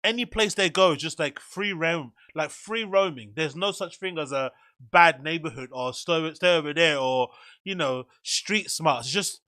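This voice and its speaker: A man hosting a show, excitedly reacting to a video with slangy, swearing commentary. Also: sits high, no room sound, clean studio sound. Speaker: host.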